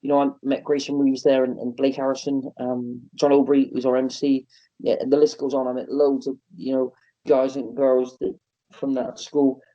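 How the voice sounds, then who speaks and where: A man in his thirties tells his stories casually, acting out quoted lines with a jump in pitch. His voice is dark and mellow. The podcast audio sounds dull and lo-fi. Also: moderate pace. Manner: animated storyteller, acts out quotes in a raised voice. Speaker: wrestling promoter and guest. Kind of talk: casual interview storytelling.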